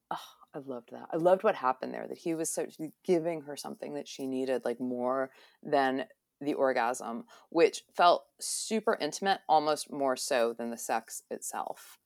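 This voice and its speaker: A woman hosting an interview, chatting casually and reading an excerpt aloud in a relaxed way. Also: extremely low pitch, moderate pace, vocal fry, no echo, clean studio sound. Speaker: podcast host.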